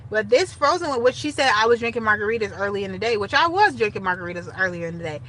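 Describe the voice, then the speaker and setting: A young woman casually telling a story straight to her viewers, animated and chatty. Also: medium pitch, fast talker, rough recording. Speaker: storytime vlogger.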